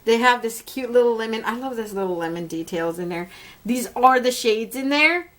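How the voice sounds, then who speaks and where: Brief: young woman beauty vlogger, fairly high voice, chatty and blunt, quick laughs. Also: lively intonation, a bit bright. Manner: chatty, candid, laughs often, mild swearing. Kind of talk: casual makeup review.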